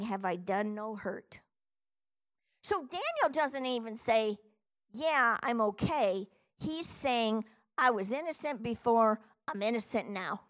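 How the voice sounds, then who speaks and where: A middle-aged woman delivering a sermon with a high, bright voice. She retells a scripture story with lively energy and reads the old verses aloud between her own remarks. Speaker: preacher.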